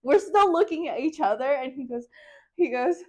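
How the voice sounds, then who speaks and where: A young woman, co-hosting a casual podcast chat and telling stories in an animated, giggly way with quoted dialogue. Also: sits high, moderate pace. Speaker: podcast co-host.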